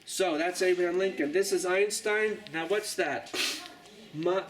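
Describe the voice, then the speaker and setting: A man's voice: high-pitched, measured pace, poor audio. Chatty older New York man. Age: 60s. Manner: chatty, rambling, jokey asides. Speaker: journalist and artist giving an exhibition tour. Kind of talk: casual guided tour talk.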